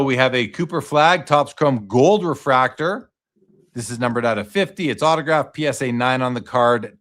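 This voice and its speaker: A man hosting a live auction stream in a relaxed, chatty way. He reads out card grades and prices, gives quick verdicts, and passes questions to his guest. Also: medium pitch. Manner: casual, reads out lot details and asks the guest questions. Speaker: host.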